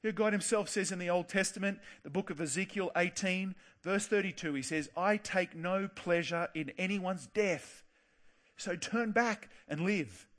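A man preaching a sermon earnestly, slowing down to stress key words. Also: high-pitched, a bit bright. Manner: earnest, slows down for emphasis.

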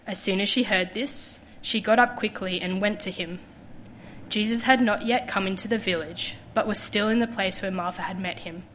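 A woman reading a Bible passage aloud in a measured, steady way during a service. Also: mid-range voice, rough recording. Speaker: scripture reader.

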